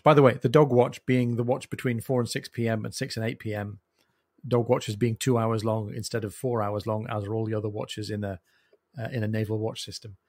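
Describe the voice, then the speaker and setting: A man hosting a book discussion podcast, talking through funny passages with enthusiasm. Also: mid-range voice. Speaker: podcast host.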